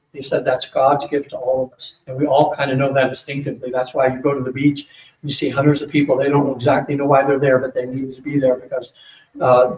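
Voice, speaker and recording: An older man speaking at a psychic fair, telling a long rambling story to an audience, with many fillers and quick asides. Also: mid-range voice, a little mellow. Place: hotel event room. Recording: roomy, distant mic with faint hum.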